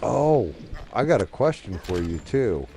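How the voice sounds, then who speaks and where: Gaming on stream, this middle-aged host rambles in casual conversation and drops swear words offhandedly into his desk mic. His lowish, gravelly voice has big pitch swings and moves a little slowly, with background noise behind it.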